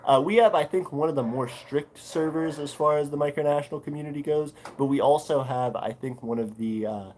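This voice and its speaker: A man's voice: a little high, fairly quick, few pauses, a little mellow, a little hiss or hum, rough recording. A man hosting a casual livestream, reading chat comments and answering with lots of fillers and restarts. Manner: rambling, many fillers, reads chat aloud. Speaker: livestream host.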